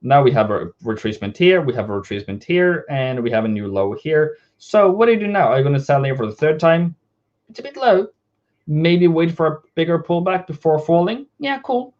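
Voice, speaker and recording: A man's voice: a little high, lively intonation, brisk, darkish tone. A man giving a live forex market analysis, talking casually and directly to his viewers. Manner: casual, direct, talks to viewers as "bro" and "my brother". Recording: dull lo-fi stream audio.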